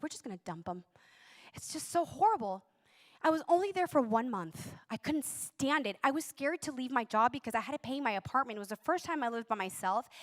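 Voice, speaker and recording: Woman, high voice, emotional testimony, intense, slows down dramatically on key words. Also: a bit bright. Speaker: speaker giving a personal testimony. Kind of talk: emotional personal testimony talk.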